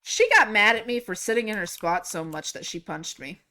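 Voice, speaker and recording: A young woman livestreamer telling a story casually while gaming, rambling and animated, laughing and swearing often. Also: mid-range voice, moderate pace.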